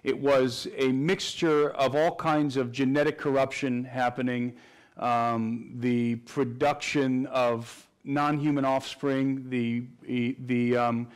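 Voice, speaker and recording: A man's voice: medium pitch, little pitch movement, takes it slowly, clean tone. A man answering interview questions at length in an earnest, explanatory way, often restarting his phrases. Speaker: guest researcher.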